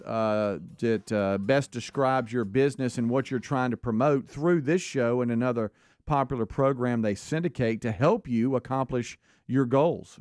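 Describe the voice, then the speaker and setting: A man's voice: medium pitch, darkish tone, no echo. A man co-hosting a talk radio show, rambling casually through a sponsor plug with many fillers and restarts. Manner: loose, filler-heavy delivery with frequent restarts. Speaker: radio co-host. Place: radio studio.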